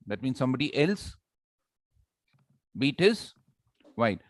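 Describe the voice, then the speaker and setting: This man leads a live workshop on public speaking with playful energy, firing questions at the audience and demonstrating points. He speaks briskly in a mid-range voice, pausing often, with no room sound.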